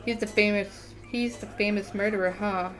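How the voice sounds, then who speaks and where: A woman's voice: mid-range voice, steady tone, normal speed, music in the background, lightly acted. A woman reading as jeering schoolboy bullies. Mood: mocking. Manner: mocking and jeering, read plainly. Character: taunting teenage schoolboy bullies.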